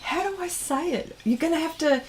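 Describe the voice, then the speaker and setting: A woman's voice: extremely high pitch, a little fast, a little hiss or hum. A woman hosting an art livestream, chatting casually while she paints and reading viewers' comments aloud, often trailing off mid-sentence.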